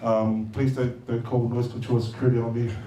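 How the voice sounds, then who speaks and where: A man's voice: medium pitch, flat delivery, brisk, a crowd in the background. A middle-aged man from Samoa gives a casual, joking speech at a birthday party, hesitant and full of fillers. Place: large party hall. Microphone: handheld mic. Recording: echoey hall from far off, noisy.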